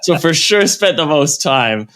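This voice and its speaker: A man speaking as a guest on a gaming podcast in a relaxed, casual way, laughing easily and poking fun at himself. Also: fairly high pitch, unhurried. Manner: relaxed, laughs easily, a bit self-deprecating. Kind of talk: casual chat.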